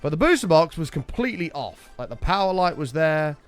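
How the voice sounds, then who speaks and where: Young man, casual storyteller, swears a lot, very lively pitch. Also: brisk, faint music behind. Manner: animated, swears freely, acts out his own quotes. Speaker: streamer. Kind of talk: casual storytelling while gaming.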